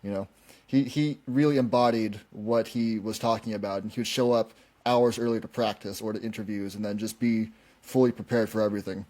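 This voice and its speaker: A man's voice: fairly low pitch, steady tone, a little fast, a little mellow. A man hosting a podcast, asking curious questions and often restarting them as he goes. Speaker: podcast host. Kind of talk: interview questions.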